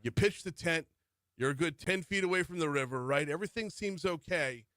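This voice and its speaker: Fairly high-pitched and a bit bright, a middle-aged morning talk radio host moves fairly quickly through the news, adding chatty asides. He's in a radio studio on a studio microphone, with no echo.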